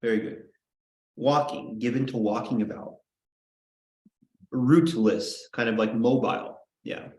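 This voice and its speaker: A man lectures a class with a playful, joking manner and chatty asides. His voice sits at an ordinary middle pitch. The room gives his voice a roomy classroom echo. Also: fairly even intonation, unhurried, pauses often, darkish tone. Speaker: teacher.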